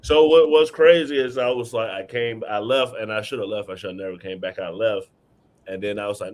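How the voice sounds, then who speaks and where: Man, young adult, low voice, casual slangy storytelling, conversational. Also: fairly even intonation, brisk, a little mellow. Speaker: guest telling his story. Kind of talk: casual chat.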